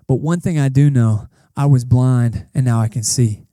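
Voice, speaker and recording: A young man preaching a casual, animated sermon at a church service, acting out the people in the story as he goes. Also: mid-range voice, normal speed, no echo. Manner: animated, conversational preaching with acted-out quotes. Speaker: pastor. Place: church service in a cinema auditorium.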